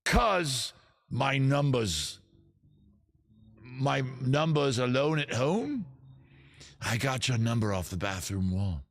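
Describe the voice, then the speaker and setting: A middle-aged man putting on an over-the-top British accent as a pompous poet, reciting in a low, theatrical poetry voice. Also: big pitch swings, slow pace, long pauses, no room sound, clean studio sound. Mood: grandly theatrical. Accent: put-on British. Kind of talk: comic dramatic poetry reading.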